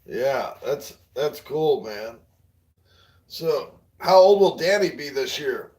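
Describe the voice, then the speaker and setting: A man's voice: a little high, animated, takes it slowly, a little mellow. A man in his forties hosting a livestream, rambling through crude jokes and chatting with viewers, often laughing at his own punchlines. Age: 40s. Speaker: livestream host. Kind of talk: crude stand-up style banter with viewers.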